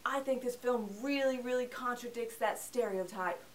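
A woman hosts a movie review show with a playful, sarcastic, joking delivery. Her pitch sits a little high, and she sounds set back from the microphone. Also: normal speed, recorded from a distance, crowd noise, poor audio. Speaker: film review host. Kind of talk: casual scripted movie review.

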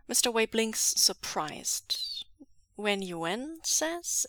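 A woman reading fan fiction aloud as an audiobook, with a measured storytelling delivery. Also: mid-range voice, bright, forceful tone, no room sound, clean studio sound. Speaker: podfic reader.

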